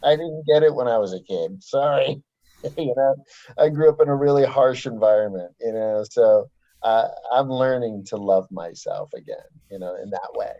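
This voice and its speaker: A man talks as an interview guest in a laid-back, earnest way and keeps calling the host "brother". His voice sits in a middle pitch. The audio is dull and slightly lo-fi, with no room sound. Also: animated, normal speed, warm tone, no echo. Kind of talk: casual interview chat.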